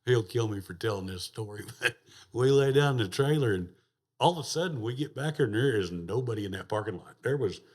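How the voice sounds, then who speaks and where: Here a medium-pitched, expressive man talks a little fast. A rodeo champion guesting on a podcast, he laughs his way through a rowdy, profane story in casual conversation.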